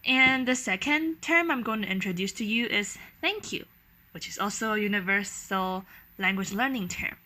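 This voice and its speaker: Brief: young woman from Taiwan, teacher, crisp bright tone, patient tutorial delivery. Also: mid-range voice, animated, moderate pace. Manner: patient, demonstrating tones with sung-out syllables. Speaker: language teacher. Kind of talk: explanatory language lesson.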